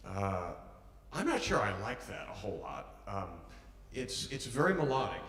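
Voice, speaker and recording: A piano master class teacher coaches a pianist through a piece, encouraging them and humming or counting phrases aloud as they play. His lowish voice is very animated with vocal fry at a normal pace, picked up from far off in an echoey hall alongside the piano.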